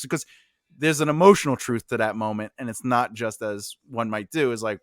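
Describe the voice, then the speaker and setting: A man hosting a podcast, telling stories in an animated way with lots of fillers and a joking tone. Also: medium pitch, fairly quick, clean tone, dry recording, clean studio sound. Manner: animated storyteller, many fillers and restarts, jokey. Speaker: podcast host. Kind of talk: casual podcast conversation.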